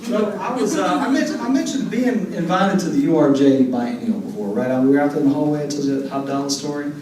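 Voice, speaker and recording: A man's voice: fairly high pitch, lively intonation, quick pace, crowd noise. A man from Texas, chatting with a concert audience between songs and telling jokey stories. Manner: folksy, joking storyteller who leads audience singalongs. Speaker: singer-songwriter performing a concert. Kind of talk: stage banter between songs. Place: concert venue with a live audience. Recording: echoey room picked up from a distance, guitar playing.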